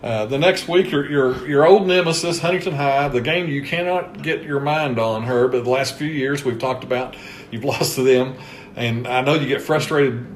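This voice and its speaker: A man with a Kentucky accent hosts a relaxed sports history interview. He chats along in a mid-range voice, piling up scores and yardage. A faint hum sits under the talk. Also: medium pitch, normal speed. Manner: chatty, reels off season statistics. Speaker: host interviewing a former coach.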